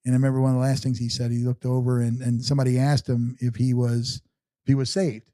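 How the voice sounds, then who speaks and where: Middle-aged male guest, warm dark voice, dry close sound, halting storyteller full of "you know". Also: mid-range voice, little pitch movement, dry recording. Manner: halting, repeats words, many "you know"s. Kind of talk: personal storytelling interview.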